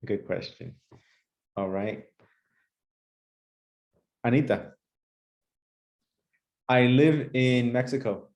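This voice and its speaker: A male English teacher with a mid-range voice who leads the class at a brisk pace. He moves quickly from student to student and hands out praise as he goes. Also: mid-range voice, gravelly, a little mellow. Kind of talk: playful classroom sketch.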